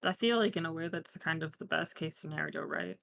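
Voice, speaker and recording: A woman plays her character in a tabletop game with a low voice and a gravelly edge. Her tone is bright and tense. She talks in a dry, casual way. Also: brisk. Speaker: player voicing her character. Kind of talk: in-character tabletop role-play.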